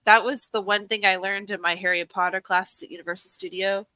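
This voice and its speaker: A woman's voice: mid-range voice, steady tone, brisk, pushed and bright, clear, resonant tone, no echo, rough recording. A woman chatting on a livestream, telling rambling stories with fillers and laughs. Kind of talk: casual livestream chat.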